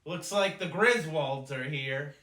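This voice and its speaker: A man doing the voice of a gruff, weary middle-aged father in a stand-up routine, grumbling dryly. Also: on the high side, slow pace. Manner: dry, grumbling. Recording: echoey room, distant mic, noisy.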